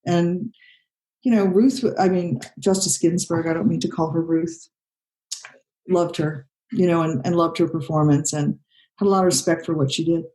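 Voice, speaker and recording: Low, mellow-voiced older woman director. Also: fairly even intonation, moderate pace, rough recording. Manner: rambling, many "you know" fillers and restarts. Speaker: film director, interview guest. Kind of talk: conversational interview.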